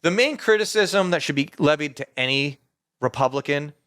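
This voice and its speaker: A man co-hosting a casual political podcast, rambling and animated as he acts out what politicians say. His voice sits a bit high for a man. The recording is dry and close, with little room sound. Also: normal speed, smooth, no room sound. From New Jersey. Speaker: podcast co-host.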